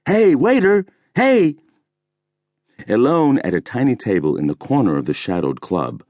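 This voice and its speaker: A man narrating a thriller audiobook in a measured, deliberate storytelling manner, recorded on a close studio mic. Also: deep voice, dark tone, no room sound, lo-fi sound.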